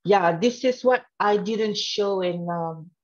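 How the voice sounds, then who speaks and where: A woman's voice: medium pitch, slow pace, a little mellow, highs cut off. A woman teaching a live trading webinar in a playful, teasing way, talking straight to her viewers and laughing often. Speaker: trading instructor.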